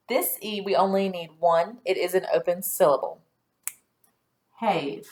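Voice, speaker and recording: A woman teacher giving a patient, clearly spoken phonics and dictation lesson for young children. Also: fairly low pitch, measured pace, a little mellow.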